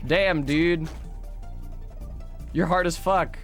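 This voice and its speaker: An excitable man narrates his own gameplay, swearing freely and muttering to himself between reactions. His voice sits fairly high for a man. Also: drawn-out words, faint music behind. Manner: excitable, profane, talks to himself. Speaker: streamer. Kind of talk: casual gameplay commentary.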